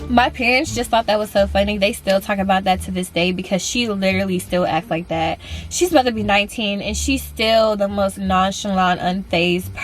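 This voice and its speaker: A young woman vlogger telling a story in casual, blunt chat, swearing freely and jumping into high voices when she quotes others.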